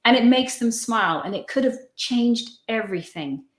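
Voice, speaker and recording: A woman's voice: on the high side, expressive, moderate pace, reverberant. A woman guest on a live-stream video call, telling personal anecdotes in a chatty, storytelling way. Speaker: guest feng shui consultant.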